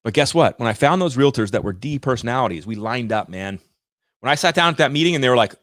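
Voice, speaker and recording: A man in his thirties hosting a livestream, giving an energetic, emphatic motivational rant on sales and talking straight to his viewers. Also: mid-range voice, fast talker, no room sound, studio quality. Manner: energetic, emphatic and ranting, addresses viewers directly. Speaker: livestream host and sales coach.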